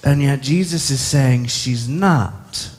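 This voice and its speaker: A man's voice: mid-range voice, slow pace, a little mellow. A man preaching a sermon, reflective and posing many rhetorical questions to the congregation.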